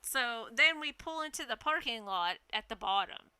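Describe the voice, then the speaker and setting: Bright, animated woman. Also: a little high, moderate pace, few pauses, clear, resonant tone, no echo. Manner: animated, laughing, swears freely. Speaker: storyteller. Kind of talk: casual storytelling.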